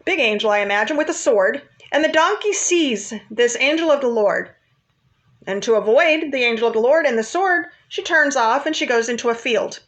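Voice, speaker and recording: A woman's voice: sits high, animated, normal speed, fairly bright tone. A woman casually retelling a Bible story in a chatty, informal way, with asides to her viewers.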